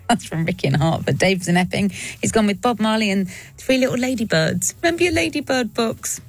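A woman presenting a radio show, reading out listeners' pun suggestions in a playful way with chuckles and quick asides. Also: mid-range voice, lively intonation, dry recording. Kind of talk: radio call-in segment, reading listener puns.

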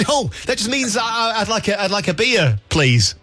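Man hosting radio, high animated voice, teasing and chatty, music behind. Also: measured pace. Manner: lively, teasing, laughs often. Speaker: radio host. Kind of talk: radio show chat.

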